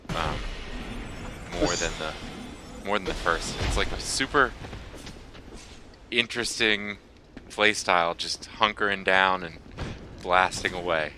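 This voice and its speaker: A man chatting casually as a guest on a gaming video, rambling and often chuckling. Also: deep voice. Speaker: podcast guest. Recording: noisy voice-chat recording.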